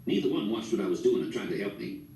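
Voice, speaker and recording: A man's voice: lowish voice, very animated, fast talker, mellow, recorded from a distance. A man narrating an audiobook in the first person with a folksy storytelling manner. The recording is roomy, with the mic set back.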